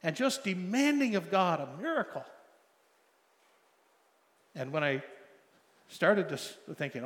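A middle-aged man preaching a sermon, telling a personal story with emotional swings from loud pleading to soft hushed tones. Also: sits high, big pitch swings, measured pace, gravelly, long pauses. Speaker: pastor. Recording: long hall reverb.

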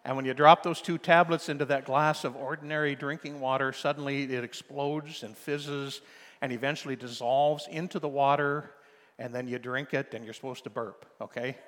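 An older man preaching a sermon as pastor, moving from soft storytelling to loud, emphatic exhortation. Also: mid-range voice, fairly even intonation, moderate pace. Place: church sanctuary. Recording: long hall reverb.

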